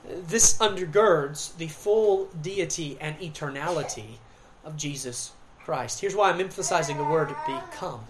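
A woman preacher delivering a sermon, slowing down to stress key words and swinging between loud emphasis and quiet, hushed passages. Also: deep voice, lively intonation, background noise.

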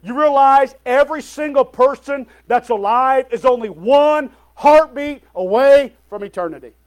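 A man's voice: very high-pitched, measured pace. A male pastor preaching a sermon to his congregation, calling out "Amen?" and "folks" often and sometimes stumbling over his words.

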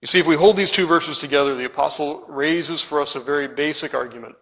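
A man preaching a sermon with pointed emphasis, swelling on key phrases and dropping to quiet endings. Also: a little high, fast, long reverb tail, low-quality recording. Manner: pointed, rising and falling emphasis, trailing off to quiet ends.

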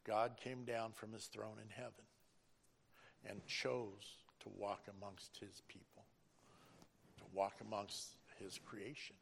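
A middle-aged man speaks in a gravelly voice. His tone is earnest and preacherly as he gives a personal testimony. At times his feeling breaks through. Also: lowish voice, flat delivery, slow pace, a little hiss or hum. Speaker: school bus driver.

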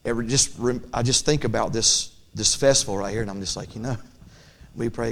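A male pastor preaching a midweek sermon in church, rising to loud, fervent peaks and dropping to quiet, hushed talk, often repeating and restarting phrases. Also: medium pitch, fairly quick, creaky.

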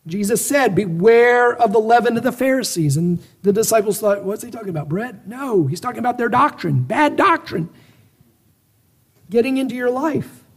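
A man preaching a sermon, pressing his listeners with a string of searching rhetorical questions and earnest exhortations. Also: high-pitched.

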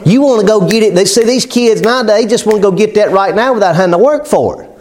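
A pastor with a notably high-pitched voice delivers a sermon. He talks to the congregation like neighbors, folksy and conversational, chuckling at his own examples. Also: quick pace, a little mellow.

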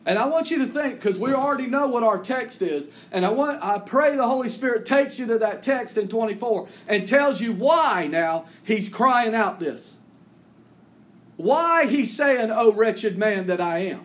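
A man preaching a sermon in an earnest way, reading scripture aloud with rising emphasis and letting his phrases fall low and soft at the ends. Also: animated, a little slow. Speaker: pastor.

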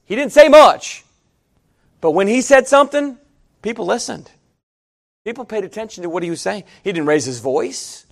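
A middle-aged man delivers a sermon from the pulpit. His voice sits notably high for a man. He tells stories in an easy conversational way and then builds to loud, emphatic preaching. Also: lively intonation, moderate pace, gravelly, long pauses. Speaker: pastor.

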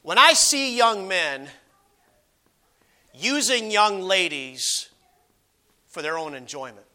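A man preaching a sermon, moving between emphatic exclamations and quiet asides, and reading scripture aloud in slow measured phrases. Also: high voice, lively intonation. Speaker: pastor. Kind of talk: expository sermon.

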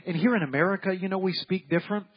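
This pastor's voice sits high and husky, and he talks fast while preaching his evening sermon in the church sanctuary. His folksy, repetitive style includes frequently acting out the voices of characters in his stories. The audio has its highs cut off.

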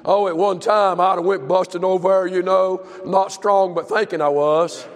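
An older man preaching a folksy, impassioned sermon that builds to shouts. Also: sits high, steady tone, moderate pace. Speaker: pastor. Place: church service. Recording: long church reverb.

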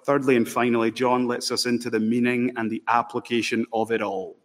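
A man preaching a sermon with passion, building to loud emphatic peaks. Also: medium pitch, level tone, a little fast. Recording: long hall reverb.

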